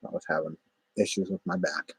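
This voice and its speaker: Man, low husky voice, rambling profane storyteller, dry close sound. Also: fairly even intonation, fairly quick, no room sound, low-quality recording. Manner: rambling, profane, many fillers. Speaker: vlogger. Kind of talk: casual spoken storytelling.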